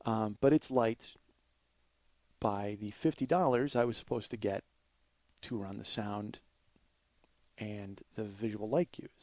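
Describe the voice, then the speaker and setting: A man hosting a comedy podcast, telling a long rambling anecdote full of swearing and restarts, and doing quick voices of the people in it. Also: fairly low pitch, fairly even intonation, darkish tone, no echo. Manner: mimics other people's voices. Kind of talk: storytelling monologue.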